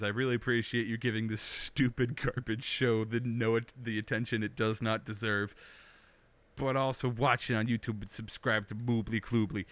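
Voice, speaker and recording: A man's voice: mid-range voice, sharp tone, no echo. A young man hosting his own web show, rambling through a joking, self-deprecating monologue with lots of restarts, recorded on a studio microphone. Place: small indoor home studio.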